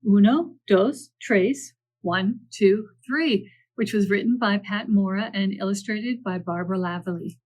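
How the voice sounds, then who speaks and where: A woman librarian reading picture books aloud to children, gentle and animated, with chatty asides to the listener. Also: mid-range voice, measured pace. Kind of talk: picture-book read-aloud.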